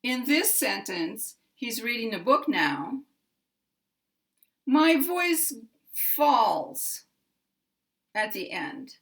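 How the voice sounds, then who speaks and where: Slow, careful American woman teacher. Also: mid-range voice, a bit bright. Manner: deliberate, measured delivery with clear demonstrations. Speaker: pronunciation teacher.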